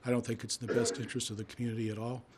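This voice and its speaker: A man with a hoarse, fading voice gives public hearing testimony, speaking emphatically and indignantly and firing off rhetorical questions from a podium microphone. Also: medium pitch, level tone, very fast, heavy background noise. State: hoarse, losing his voice.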